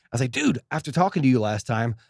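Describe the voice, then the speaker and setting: A man's voice: medium pitch, sing-song, fast, vocal fry, darkish tone, no echo, clean studio sound. A man co-hosting a comedy podcast, laid-back and teasing, laughing often in casual chat.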